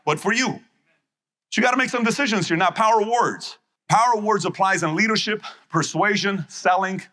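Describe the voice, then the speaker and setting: A middle-aged man giving a live motivational talk to an audience, emphatic and acting out quick back-and-forth dialogues. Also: high-pitched, pushed and bright. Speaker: motivational speaker.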